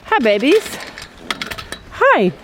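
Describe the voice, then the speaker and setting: Woman, 30s, farm vlogger: chatty, giggly, higher voice, outdoor handheld camera with faint background noise. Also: wildly swooping pitch, extremely slow. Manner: chatty and giggly, talking to viewers while doing chores. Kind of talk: casual vlog chat. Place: outdoors in a snowy farm pen.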